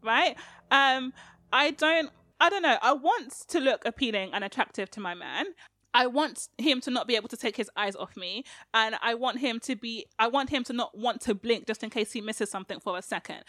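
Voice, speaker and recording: Woman on a podcast, frank and laughing, bright tone, dry mic. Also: on the high side, fairly quick, no room sound. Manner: animated, laughing, slangy and frank. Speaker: podcast co-host. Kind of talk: candid casual podcast chat.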